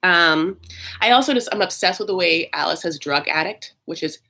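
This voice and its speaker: A woman's voice: on the low side, lively intonation, moderate pace, creaky, bright, forceful tone. A woman host recapping a reality show in a casual, comic, gossipy way, full of asides.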